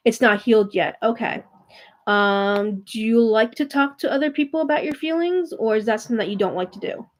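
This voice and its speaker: A woman giving a live tarot reading, speaking gently and reassuringly to a viewer, with frequent fillers and restarts. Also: fairly high pitch, fairly quick. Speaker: tarot reader and spiritual coach hosting a live reading. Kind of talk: live-stream chat with viewers.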